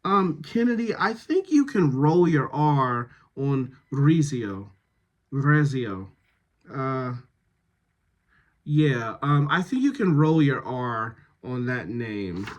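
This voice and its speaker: A man working as a dialect coach, reading rehearsal notes to a cast in a slow, measured way with frequent pauses. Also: mid-range voice, big pitch swings, highs cut off.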